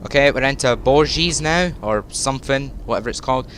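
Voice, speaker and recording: Driving-game audio with reversing beeps plays behind this gaming YouTuber, a teenage boy from Scotland, with truck engine and traffic sounds beneath his voice. He speaks briskly in a medium-pitched, slightly bright voice. His let's-play commentary rambles off on tangents, stays chatty, and keeps correcting itself mid-sentence.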